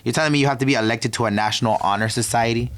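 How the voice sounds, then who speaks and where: Rapid-fire and fairly bright, with a medium-pitched voice, this young man from Virginia hosts a podcast. His monologue is a brash, profane, casual rant that repeatedly cuts off mid-thought.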